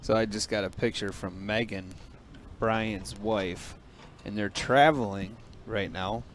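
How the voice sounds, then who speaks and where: A man hosting a fishing store's livestream in casual live commentary, upbeat with quick bursts of excitement, with a frog in his throat. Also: lowish voice, a little hiss or hum.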